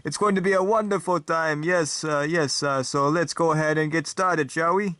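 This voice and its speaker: A man's voice: on the high side, moderate pace, a bit bright, dry recording, voice pushed up, close to an everyday voice. A man playing a pompous vampire talk show host with a put-on accent, talking in theatrical, self-important, stammering patter. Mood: grandiose. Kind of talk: comedy sketch.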